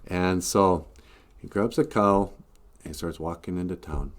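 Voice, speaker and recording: A man hosting and telling a folk tale in a laid-back, comic way with frequent chuckles and pauses. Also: low-pitched. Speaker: storyteller host. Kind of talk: folksy comic storytelling.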